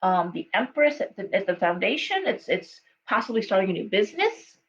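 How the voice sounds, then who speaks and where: A woman's voice: medium pitch, very animated, a little fast. A middle-aged woman giving a live tarot reading, chatty and storytelling, with frequent okays and ums. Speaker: tarot reader. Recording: dull lo-fi sound with faint hum.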